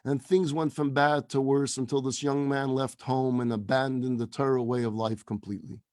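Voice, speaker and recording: A rabbi delivers a story as a sermon in a mid-range, flat voice with no echo. He acts out the dialogue and drops to a hushed, slow delivery at emotional peaks.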